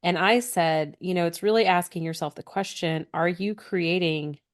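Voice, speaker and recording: Low-voiced woman co-hosting a podcast. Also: normal speed. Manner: earnest, talks in long flowing stretches. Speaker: podcast co-host. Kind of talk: casual podcast conversation.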